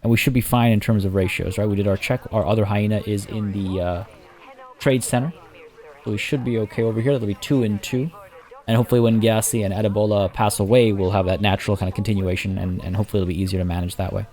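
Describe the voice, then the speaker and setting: Man, let's play host, casual gameplay commentary, rambling and chatty, lots of fillers, low-pitched, dark warm voice. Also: fairly even intonation, fast.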